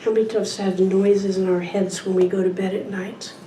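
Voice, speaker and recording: A woman with a mid-range, warm voice speaks briskly in a level tone, with a little hiss or hum on the recording. She's a guest speaker at a church service giving an informal sermon, reading a picture book aloud and conversationally asking the audience questions. The room is echoey, the mic distant, and there's faint ambience.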